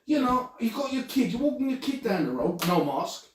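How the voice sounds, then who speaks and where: A man's voice: extremely high pitch, big pitch swings, fairly quick, a little hiss or hum. A man hosting a casual group chat, telling stories with lots of swearing, laughter and stammered restarts. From Britain. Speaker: podcast host. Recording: echoey room, mic at a distance.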